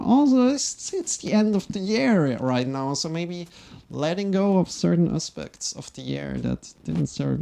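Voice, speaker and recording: A male yoga teacher leading a live-streamed class at a very slow pace, warmly greeting viewers by name. His voice is dark and mellow with a gravelly edge. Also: mid-range voice. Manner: unhurried, reads chat aloud and greets viewers by name. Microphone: streaming microphone.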